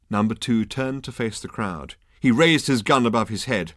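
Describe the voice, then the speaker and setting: A British man narrating an audiobook in a dry, lively comic manner. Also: medium pitch, normal speed, few pauses, dry recording. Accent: British English. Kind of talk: audiobook reading.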